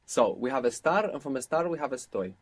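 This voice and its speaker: A man's voice: mid-range voice, animated, a little fast, husky. A man teaching a language lesson, patiently explaining and prompting his learner to repeat.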